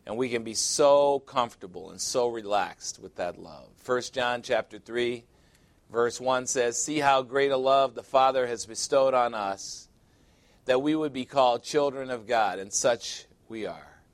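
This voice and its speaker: A man's voice: mid-range voice, measured pace. A man pastor preaching an emphatic sermon, reading scripture aloud, commenting on it and speaking directly to his congregation.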